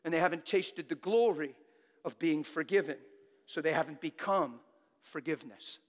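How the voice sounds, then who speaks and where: A man preaching a fervent, exhorting sermon that bursts into shouting, in a church. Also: a little high, normal speed, in a large hall.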